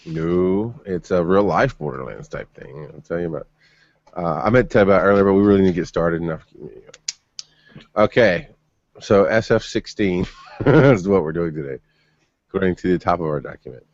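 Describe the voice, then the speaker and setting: A man's voice: low-pitched, normal speed, a little mellow. A man co-hosting a podcast in casual chat, telling a long story in a rambling way and laughing often. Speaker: podcast co-host. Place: home studio. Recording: muffled dry remote recording.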